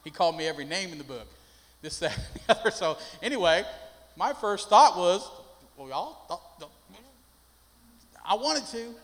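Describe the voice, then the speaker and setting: A man's voice: high voice, lively intonation, a little fast, a bit bright. An older man, a pastor, preaching a sermon with folksy stories that build into emphatic preaching. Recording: long hall reverb.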